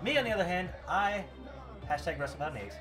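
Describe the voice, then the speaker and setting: A young man co-hosting a casual wrestling podcast, animated and laughing often as he reads and acts out quotes. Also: high voice, brisk, music in the background. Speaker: podcast co-host.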